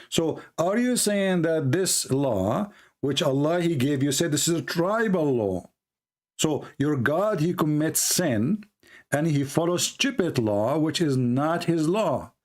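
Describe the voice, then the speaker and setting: A man's voice: a little high, animated, a little slow, darkish tone. A man who is losing his voice, hosting a call-in debate, pressing the caller and repeating his questions. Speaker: debate host.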